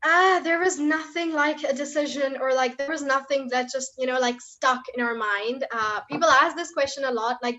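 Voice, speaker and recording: A young woman speaking as a guest in an online question session, chatty and quick, with many fillers. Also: sits high, sharp tone. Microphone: video call. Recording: dull lo-fi online call audio.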